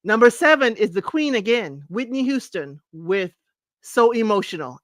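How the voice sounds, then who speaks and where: A chatty middle-aged woman hosts a laid-back talk show, breaking into snippets of songs between her remarks. Her voice sits at an ordinary pitch and is recorded close and dry, with no room sound. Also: animated, a little slow, dry recording. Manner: chatty, sings snippets, laughs often. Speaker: podcast host. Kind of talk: casual chat counting down music.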